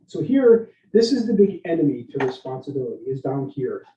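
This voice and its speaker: A man giving a leadership workshop, energetic and interactive, often asking his listeners questions and tagging lines with "right?". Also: medium pitch, fairly quick, slight background noise. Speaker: leadership speaker. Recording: roomy, dull lo-fi sound.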